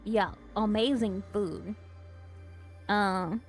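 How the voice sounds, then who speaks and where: A woman's voice: medium pitch, fairly even intonation, drawn-out words, faint music behind. A young woman hosting her stream, chatting casually with viewers and laughing often. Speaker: streamer host.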